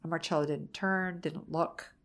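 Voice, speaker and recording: Gravelly middle-aged woman telling her story. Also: deep voice, steady tone, moderate pace. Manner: frank, personal recounting with restarts. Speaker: interview guest, mother of an autistic son. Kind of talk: candid conversational storytelling.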